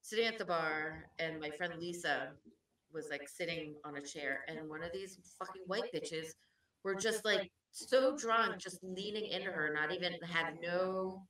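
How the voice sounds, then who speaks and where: A woman co-hosting a podcast, telling a lively story from her bartending shift and acting out the people in it. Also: on the low side, a little slow. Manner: animated storyteller, acts out voices, laughs often. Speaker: podcast co-host. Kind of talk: casual chat, storytelling.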